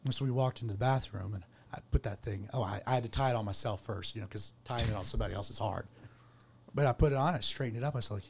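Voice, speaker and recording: A podcast host tells a personal story in a casual chat, his mid-range, darkish voice moving quickly with vocal fry. He's earnest and rambling, often restarting and correcting himself.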